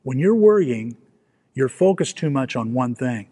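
A man preaching voices Jesus as a calm, patient teacher gently correcting a worried listener. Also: mid-range voice, measured pace, breathy edge. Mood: calm teaching. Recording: long hall reverb.

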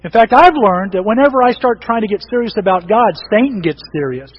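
A male pastor preaching a sermon in an animated, conversational way, often restarting his sentences. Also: high voice, fairly quick, breathy edge, in a large hall, highs cut off.

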